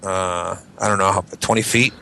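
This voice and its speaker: A man's voice: deep voice, steady tone, normal speed, vocal fry, sharp tone, slight background noise. A young man telling a rambling, profane story on a casual group podcast, acting out the voices of the people in it. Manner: rambling, profane, acts out voices in his stories. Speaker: podcast co-host.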